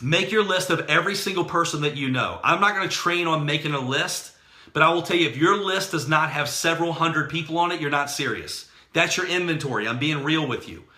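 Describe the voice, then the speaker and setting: A man delivers a motivational training talk with fired-up, preachy energy. His voice sits a little high and has a very bright, forceful edge. The room around him rings with noticeable echo. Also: brisk. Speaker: network marketing trainer.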